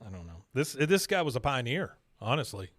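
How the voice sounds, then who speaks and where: A man's voice: medium pitch, big pitch swings, a little fast, a bit bright, dry recording. A man hosting a podcast, recapping an episode in a chatty way, laughing and using many fillers. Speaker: podcast host.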